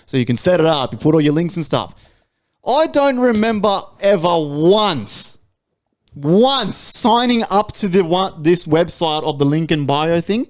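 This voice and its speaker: Aussie bloke co-hosting a podcast, kinda high voice, rants and swears a lot, voice shoots way up when he's worked up. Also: measured pace. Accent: Australian. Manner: animated storytelling, swears freely, big pitch jumps when ranting. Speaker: podcast co-host. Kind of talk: casual chat.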